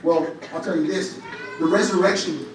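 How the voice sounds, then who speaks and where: A young man preaching a lively sermon, telling stories with humor and rising to shouts at times. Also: on the high side, moderate pace. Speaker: church speaker. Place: large church hall. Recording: echoey hall, from far off, faint noise.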